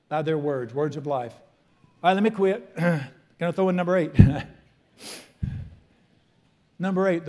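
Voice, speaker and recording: A man's voice: fairly high pitch, dark tone. A middle-aged man, preaching a folksy, emphatic sermon as a pastor in a church. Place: church sanctuary.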